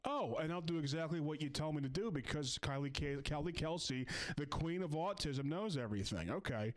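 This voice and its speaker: A man's voice: on the high side, animated, moderate pace. A man from the Philadelphia area hosting a reaction video, mocking and ranting in a sarcastic tone. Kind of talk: reaction commentary.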